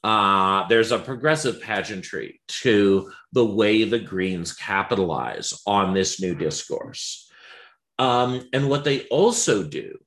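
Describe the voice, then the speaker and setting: A man's voice: fairly low pitch, expressive, slow, fairly bright tone. A man giving an unscripted political commentary, wry and digressive, with many ums and uhs.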